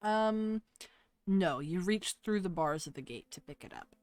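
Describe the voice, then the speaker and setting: A woman's voice: lowish voice, expressive, a little slow, a little mellow, dry recording. A woman narrating as game master in a tabletop game, easygoing with hesitant fillers.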